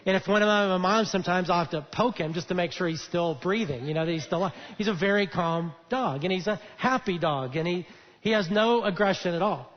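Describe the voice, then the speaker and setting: A man, the lead pastor, gives a sermon in a relaxed, chatty storytelling manner with frequent fillers and restarts. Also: high-pitched, a little fast. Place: church auditorium. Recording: dull echoey church hall.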